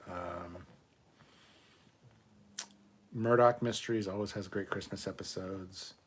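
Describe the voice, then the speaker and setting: A man's voice: deep voice, fairly even intonation, slow, breathy edge. A man in his forties co-hosting a casual livestream, reading viewer comments aloud in a laid-back, offhand way with frequent fillers and some swearing. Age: 40s. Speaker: podcast co-host.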